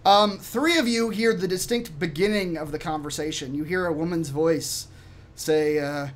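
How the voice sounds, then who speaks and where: Relaxed man narrating as game master. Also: fairly high pitch, normal speed. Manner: relaxed, with frequent fillers and laughs.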